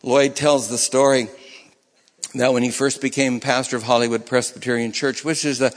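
A man's voice: medium pitch, level tone, normal speed, in a large hall. A man preaching a sermon in a conversational way, often repeating and restarting his phrases. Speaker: pastor.

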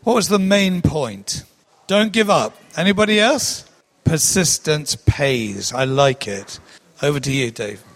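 Male church service leader, encouraging, slightly high voice. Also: lively intonation, measured pace. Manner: encouraging questions to the room. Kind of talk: addressing a congregation.

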